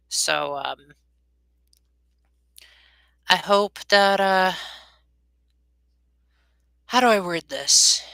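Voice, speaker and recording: Young woman, live-stream chat, rambling with ums, bright forceful tone, dry close sound. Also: medium pitch, very animated, takes it slowly, pauses often, no room sound, poor audio. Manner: rambling, loses her train of thought, frequent ums.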